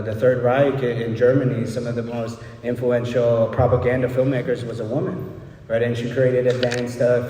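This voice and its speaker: A man's voice: medium pitch, warm tone. A man in his thirties giving a candid, rambling recovery talk, checking in with listeners by asking "right?" again and again. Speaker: recovery speaker. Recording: roomy hall from far off.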